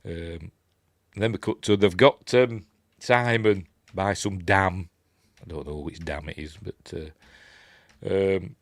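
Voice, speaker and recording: A man from Yorkshire, England, with a deep voice, speaks slowly while hosting a casual film breakdown. He rambles and chuckles, acting out characters' lines in raised voices, and the recording is clean studio sound with no room sound.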